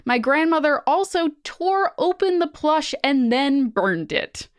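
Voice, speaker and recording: A woman's voice: high voice, sing-song, measured pace, dry recording, studio quality. A woman co-hosting a podcast in casual chat, upbeat and laughing easily. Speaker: podcast co-host.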